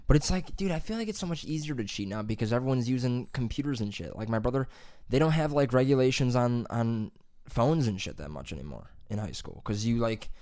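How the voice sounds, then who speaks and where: A young man from Columbus, Ohio, in an easygoing chat, telling rambling stories full of casual swearing and laughter. His voice sits at a middle pitch and is recorded close and dry, with no room sound. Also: lively intonation, a little fast, darkish tone, no echo. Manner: profane, laughing, rambling storytelling. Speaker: podcast co-host.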